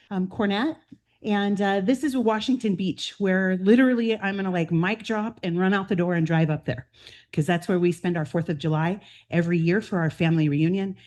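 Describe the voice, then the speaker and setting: A woman's voice: mid-range voice, darkish tone. Chatty woman sharing family stories. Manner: chatty and heartfelt, with fillers and laughs. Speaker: club president-elect. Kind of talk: personal slideshow talk to a club meeting. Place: meeting room.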